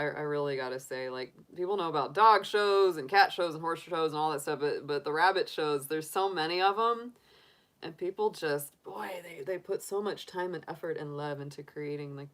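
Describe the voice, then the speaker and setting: A woman's voice: low-pitched, fairly bright tone. A middle-aged woman hosting a livestream, chatting casually with viewers in a giggly, rambling way full of laughs and restarts. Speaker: tarot reader livestream host. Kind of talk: casual chat answering live viewers.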